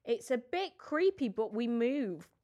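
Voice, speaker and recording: Brief: young adult female podcast co-host, high-ish animated voice, casual and cheeky, reads messages with laughs. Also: a little slow, dull audio. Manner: laughing, swearing, animated reading. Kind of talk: casual chat, reading listener messages aloud.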